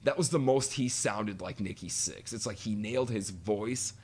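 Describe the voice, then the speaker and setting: A man's voice: on the low side, moderate pace, a little mellow, slightly rough. A man co-hosting a podcast, chatting casually and animatedly, cursing freely and telling stories with quoted voices. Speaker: podcast co-host. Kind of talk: casual chat.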